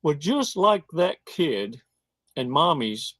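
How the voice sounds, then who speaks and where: A man talks slowly and deliberately in a somewhat high voice, with a loose, slangy manner. He stretches words out for emphasis, and the recording is close and dry with no room sound. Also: very animated, fairly bright tone, no echo. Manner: folksy, slangy, drawn-out emphasis. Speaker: host. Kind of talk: casual monologue.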